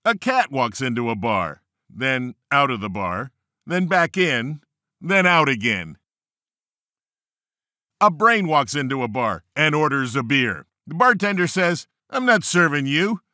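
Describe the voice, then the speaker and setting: A man narrating an audiobook of jokes, reading them aloud playfully and jumping up in pitch for the quoted characters. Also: sing-song, measured pace, pushed and bright, no echo, clean studio sound. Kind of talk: reading a joke book aloud.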